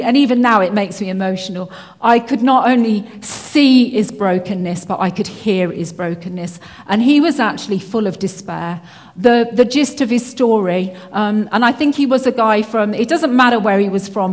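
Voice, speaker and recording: Woman speaker, chatty testimony, fillers and restarts, mid pitch, long hall reverb. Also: moderate pace. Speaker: Christian speaker. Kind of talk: personal faith testimony.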